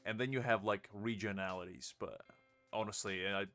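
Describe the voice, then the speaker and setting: A man's voice: fairly low pitch, steady tone, moderate pace, a bit bright, soft background music. A young man in his twenties with a British accent, chatting casually and joking while streaming a game. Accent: British English. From Ukraine. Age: 20s. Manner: rambling, joking, laughs often. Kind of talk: casual live-stream chat.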